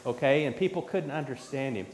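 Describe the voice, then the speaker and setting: A man's voice: medium pitch, a little fast, darkish tone. A man giving a children's sermon in church, questioning the children as he talks. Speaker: pastor. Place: church sanctuary. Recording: echoey church with faint room noise.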